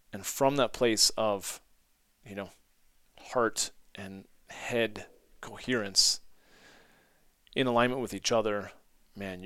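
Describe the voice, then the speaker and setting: A man's voice: lowish voice, sharp tone, no room sound. A man hosting a solo podcast, talking reflectively, rambling and correcting himself, often laughing at himself. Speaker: podcast host.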